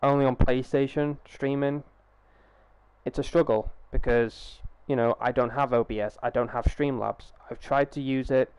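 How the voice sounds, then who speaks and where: A man's voice: medium pitch, fairly even intonation, normal speed, a little mellow, smooth, no room sound. A young man chatting casually on a live gaming stream through a headset, rambling, swearing freely and restarting his sentences.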